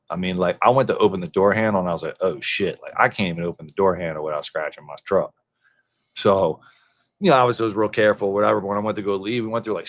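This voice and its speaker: Male podcast host, very low voice, upbeat slangy talker, casual. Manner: enthusiastic slangy banter. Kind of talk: casual chat.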